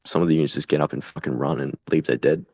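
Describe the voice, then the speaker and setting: A young Australian man speaking bluntly in an interview, swearing freely and pausing often with fillers. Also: very deep voice, steady tone, vocal fry, darkish tone, dry recording. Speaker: guest, volunteer fighter. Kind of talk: casual conversational interview.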